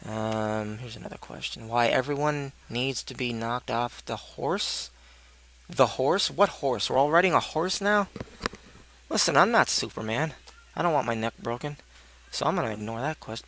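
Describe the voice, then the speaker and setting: A man's voice: mid-range voice, normal speed, a bit bright, slight background noise. A young man in a casual, rambling monologue, answering questions in a sardonic tone and swearing freely. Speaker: video blogger answering questions.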